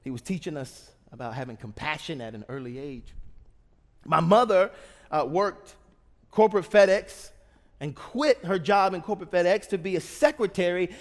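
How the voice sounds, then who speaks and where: Brief: thirties male pastor, high voice, chatty storytelling sermon, long church-hall reverb. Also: animated, normal speed. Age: 30s. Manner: humorous, conversational, engages the congregation. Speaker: guest pastor. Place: church sanctuary.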